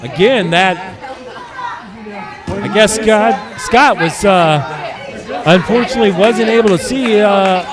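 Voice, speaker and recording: A man calling a live wrestling match play-by-play, excitable and often shouting as he gets worked up. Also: high voice, slow, long pauses. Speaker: wrestling commentator. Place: live wrestling show venue. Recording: loud crowd and music behind.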